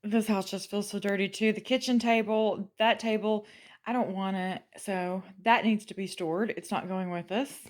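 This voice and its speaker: A woman chatting casually to camera as a vlogger, thinking aloud and trailing off softly. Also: mid-range voice, fairly even intonation, normal speed. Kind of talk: casual vlog chat.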